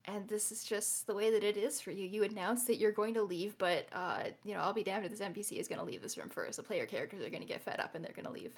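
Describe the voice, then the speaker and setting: A woman's voice: mid-range voice, fast, hardly any pauses, slightly rough. A woman from Canada on a podcast panel, chatting casually and telling a game story with animation. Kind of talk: casual chat.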